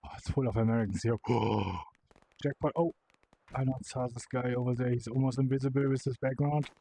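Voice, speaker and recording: A young man giving live commentary while playing a game, excitable and swearing as he yells at the bots. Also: medium pitch, fairly quick, gravelly, rough recording. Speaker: VR gameplay creator.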